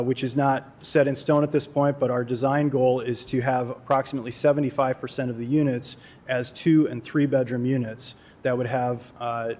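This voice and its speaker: A man's voice: medium pitch, darkish tone. Male developer addressing a board, formal and plain, some fillers. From Kalamazoo, Michigan. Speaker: developer applicant. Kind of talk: public hearing testimony.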